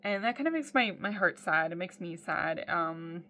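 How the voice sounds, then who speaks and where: A woman's voice: fairly low pitch, expressive, moderate pace, bright, forceful tone, a little hiss or hum. A woman talking in a casual personal video diary, blunt and swearing freely, with many "um" fillers. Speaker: vlogger.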